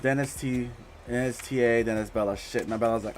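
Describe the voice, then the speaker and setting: A man's voice: medium pitch, steady tone, brisk, a little hiss or hum. A man hosting a casual live tarot reading, blunt and profane, who laughs often as he talks.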